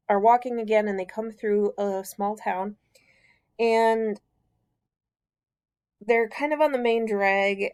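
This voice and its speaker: A book discussion host walks through a novel's plot in a relaxed, chatty manner. Her voice is smooth and darkish, sitting in an ordinary middle range for a woman, and her delivery is rough around the edges, with plenty of fillers and corrections.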